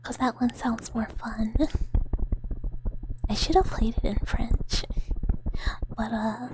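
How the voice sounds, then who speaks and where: A woman's voice: a little high, flat delivery, very slow, low-quality recording. A woman streamer in a whispered ASMR chat with her viewers, giggling often as she talks.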